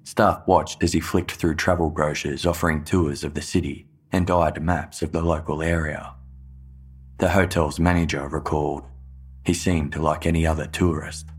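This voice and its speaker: A man reading a scripted true-crime narration in a measured, even storytelling delivery. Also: very deep voice, husky.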